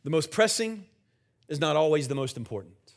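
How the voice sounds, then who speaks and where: A man's voice: fairly high pitch, big pitch swings, moderate pace, creaky. Conversational man preaching a sermon. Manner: conversational, jokes with the congregation. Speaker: senior pastor. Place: church sanctuary with live congregation.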